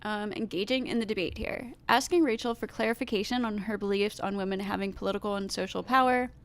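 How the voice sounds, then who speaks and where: A woman with a stuffy nose reading viewer comments aloud and giving her own measured replies, with fillers and pauses. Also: mid-range voice, vocal fry, clear, resonant tone. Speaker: commentary video host.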